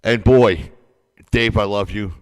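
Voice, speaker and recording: A man's voice: lowish voice, slow. A man hosting a wrestling podcast, hyped up, playful and sarcastic as he chats to his listeners. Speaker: podcast host. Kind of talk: casual wrestling podcast chat.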